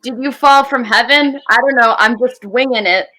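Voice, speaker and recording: A woman's voice: a little high, normal speed, pushed and bright. A woman from the Southern US, playing as a comedian panelist and trading dry one-liners on a comedy game show.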